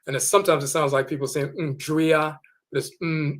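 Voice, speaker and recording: A man with a slightly higher voice gives a measured teaching talk. He carefully sounds out foreign words and repeats them for his listeners. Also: little pitch movement. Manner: slow, deliberate, repeating words for emphasis. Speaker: teacher of Akan spiritual tradition. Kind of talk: explanatory lecture with dictionary readings.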